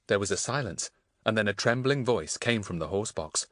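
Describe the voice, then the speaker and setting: A man narrating a children's audiobook in a measured, storytelling manner. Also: lowish voice, no room sound, studio quality. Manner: measured storytelling with lively intonation. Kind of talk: scripted narration of a children's book.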